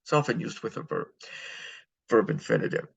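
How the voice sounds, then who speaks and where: A middle-aged man teaching a recorded Spanish lesson in a relaxed, halting way with many fillers. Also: fairly low pitch, gravelly, husky. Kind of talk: recorded language lecture.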